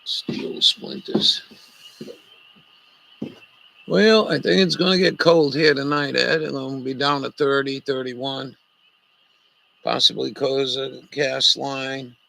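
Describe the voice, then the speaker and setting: A man vlogging in rambling casual talk, grumbling and cursing, then muttering gently to his dog. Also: medium pitch, steady tone, unhurried, gravelly, slight background noise, rough recording.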